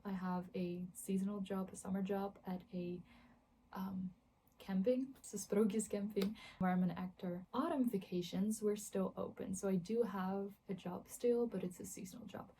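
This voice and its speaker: This book vlogger speaks in a mellow, mid-range voice over slight background noise. She's a young woman chatting to her phone camera from her bedroom, filling the talk with giggles and fillers.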